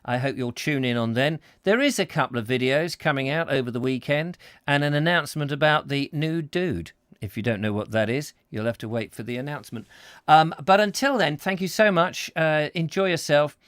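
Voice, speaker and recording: A jokey, rambling male host chatting on a live show, full of asides and thank-yous. His voice is bright and forward, recorded close and dry. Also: fairly high pitch, a little fast, smooth, no room sound. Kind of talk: comic chat-show sign-off.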